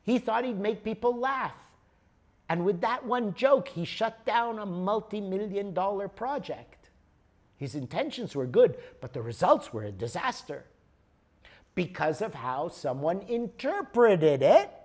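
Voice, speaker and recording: A man leading a workshop, telling stories in an animated way and checking in with the audience. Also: sits high, measured pace. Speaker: workshop leader. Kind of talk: storytelling workshop talk.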